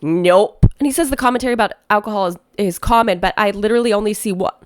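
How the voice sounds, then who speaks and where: Brisk, emphatic woman wedding planner. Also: medium pitch. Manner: emphatic, animated, chatty with frequent laughs. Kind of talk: YouTube reaction commentary.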